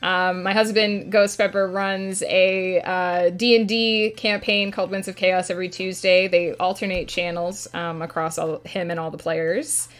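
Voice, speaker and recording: A woman's voice: lowish voice, little pitch movement, unhurried, few pauses. Chatty woman streamer with faint music. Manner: chatty, reads and answers chat aloud with many fillers. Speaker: writing streamer. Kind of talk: casual live-stream chat.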